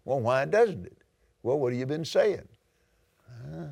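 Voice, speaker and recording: Older man, Southern US accent, preacher, slow unhurried delivery, dry close sound. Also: lively intonation, gravelly, darkish tone, husky, dry recording. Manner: preaching with dramatic pitch swings and scripture reading. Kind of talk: sermon.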